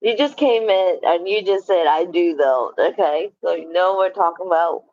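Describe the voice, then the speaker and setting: A woman's voice: lowish voice, normal speed, muffled recording. A woman hosting a casual livestream, greeting and chatting with viewers, laughing often and swearing freely. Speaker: livestream host. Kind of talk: casual livestream chat reading viewer comments.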